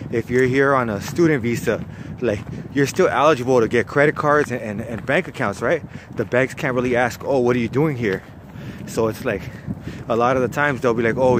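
Here a Chicano-accented Californian, once a bank call-center employee, casually swaps stories from that job in a vlog, cursing freely and relying on fillers in a laid-back, profane way. His voice is mid-range, and background noise is present.

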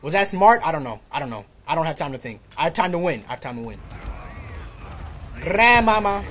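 A crowd can be heard in the background as a man with a fairly high voice commentates briskly on his live game stream. He jokes, trash-talks his enemies, and erupts excitedly while chatting to himself and his viewers.

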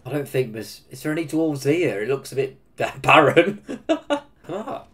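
A man with an English Midlands accent reacting to a film, excitable, swearing and laughing often. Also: mid-range voice, unhurried. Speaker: reaction video host. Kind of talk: casual reaction commentary.

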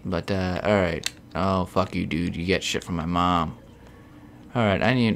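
A man's voice: sits low, fairly even intonation, moderate pace, gravelly, fairly bright tone. A young man casually commentating his gameplay, swearing often and getting exasperated with himself. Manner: profane, self-deprecating, easily exasperated. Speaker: Let's Play host.

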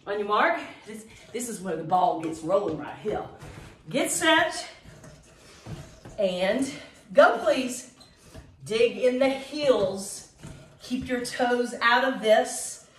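A woman's voice: a little high, animated, slow pace, long pauses. A middle-aged woman leading a live workout class, chatty and upbeat, counting reps and getting out of breath. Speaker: fitness instructor. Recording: echoey room from a distance.

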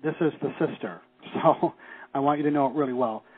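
A man leading a teleseminar, coaching listeners through phrases and slowing down to stress key words. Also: mid-range voice, breathy edge, dry recording. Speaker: seminar leader. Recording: tinny phone line.

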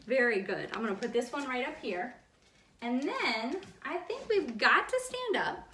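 A young woman leads a preschool circle time in a sing-song, encouraging voice. Her pitch swings high and low, a little higher than most women's. She sits a bit back from the mic in an echoey room. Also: very animated, moderate pace, fairly bright tone, recorded from a distance, slight background noise. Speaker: preschool teacher. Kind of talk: online circle time lesson for young children. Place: home room.

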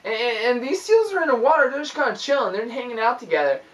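Young man, animated vlog storyteller, excitable and exaggerated, voice slightly off-mic. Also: very high-pitched, quick pace, distant mic, low-quality recording. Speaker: youth ministry vlogger.

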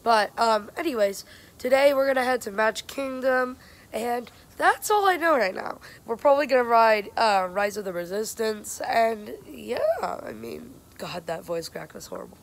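A woman vlogging casually from a theme park and hotel, excitable and quick to shriek and laugh, filming on a handheld camera. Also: on the high side. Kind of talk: casual travel vlog. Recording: theme park crowd and music behind.

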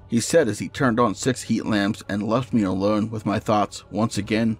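Low-voiced man narrating a horror story. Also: normal speed, few pauses, breathy edge. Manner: steady first-person storytelling.

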